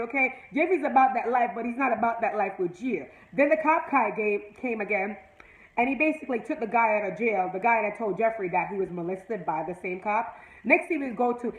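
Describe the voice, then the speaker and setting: A woman's voice: on the high side, expressive, brisk, reverberant, rough recording. A woman from Jamaica giving a casual, blunt and sassy recap of a TV episode, with profane asides. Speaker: TV episode reviewer.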